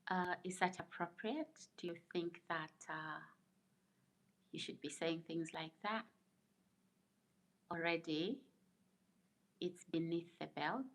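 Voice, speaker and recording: Middle-aged woman host for a casual live stream; slow, low-set voice, chatty and quick to laugh while reading viewer comments. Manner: chatty, laughs often, muses aloud.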